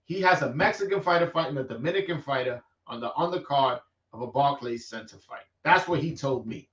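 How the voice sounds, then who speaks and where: Fields: Sex: man. Style: animated street-talk boxing chat. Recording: roomy, distant, lo-fi. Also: mid-range voice, a little fast. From New York. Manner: animated, streetwise slang, frequent restarts. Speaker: boxing vlogger host. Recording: roomy, distant, dull lo-fi sound.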